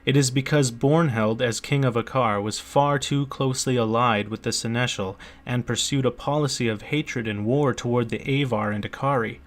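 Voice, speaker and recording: A man reading an audiobook, voicing a guarded young male prince who speaks in a measured, careful way. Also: mid-range voice, natural voice.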